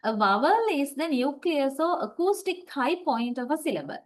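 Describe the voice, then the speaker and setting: A woman's voice: sits high, animated, moderate pace, poor audio. A woman giving an online university lecture, explaining step by step and often checking with "right?".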